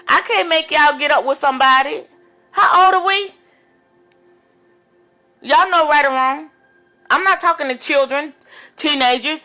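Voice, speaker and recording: A woman minister talking straight to her viewers in a casual, animated, preachy vlog monologue. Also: high voice.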